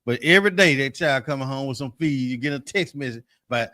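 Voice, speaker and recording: A man's voice: mid-range voice, fairly quick, few pauses, bright, forceful tone, no echo, studio quality. Male co-host, medium voice, teasing storyteller. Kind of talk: casual chat.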